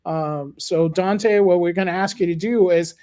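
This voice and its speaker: A podcast co-host reading out poll results and explaining a game, relaxed and full of hesitations. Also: mid-range voice, moderate pace. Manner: relaxed, hesitant with many uhs. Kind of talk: casual chat.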